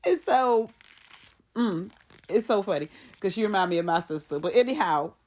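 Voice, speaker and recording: A woman giving a casual commentary recap of a TV episode, telling the story lively, laughing and acting out the characters' lines. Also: medium pitch, moderate pace. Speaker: TV show commentator.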